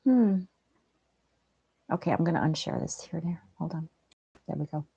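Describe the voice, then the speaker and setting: A woman hosts a relaxed livestream from home, reading viewers' comments aloud in a gentle, chatty way and laughing easily. Her voice sits fairly low and sounds warm and mellow. The sound is dry and close, with no room echo. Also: normal speed, creaky, slightly rough, highs cut off. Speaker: livestream host.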